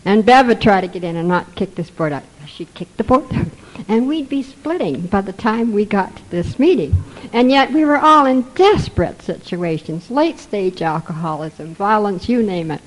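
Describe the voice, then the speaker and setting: A woman's voice: mid-range voice, animated, normal speed, poor audio. An older woman from Canada telling humorous recovery stories to a group, chuckling through her anecdotes. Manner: chuckling, anecdotal, with quoted voices. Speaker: speaker sharing recovery stories. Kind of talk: storytelling to a group.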